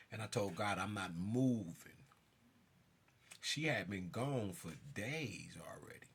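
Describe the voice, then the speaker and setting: Man, gravelly voice, husky tone, fiery profane rant, moving around while talking. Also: fairly low pitch, bright, forceful tone. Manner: intense, profane, addresses listeners directly. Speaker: self-styled spiritual figure. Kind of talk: ranting monologue to camera.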